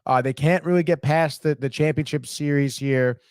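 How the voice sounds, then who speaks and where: A young man with a slightly high, darkish, clear, and resonant voice talks at normal speed on a dry, studio-quality recording. Hosting a live sports podcast, he keeps the chat casual but rambling and heated, cursing freely and leaning on "dude" a lot.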